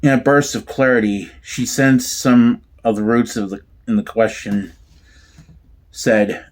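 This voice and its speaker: Guy reading a novel out loud, really slow, stumbles and restarts a lot. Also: medium pitch. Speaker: audiobook reader. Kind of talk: amateur audiobook narration.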